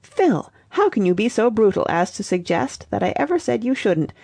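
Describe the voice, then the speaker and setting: A woman's voice: medium pitch, sing-song, normal speed, vocal fry, mellow, slightly rough, dry recording, pitched above the performer's own voice, exaggerated voice. A woman voicing Sally, a witty young woman who mocks her brother in a playful, lightly theatrical way. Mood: teasing.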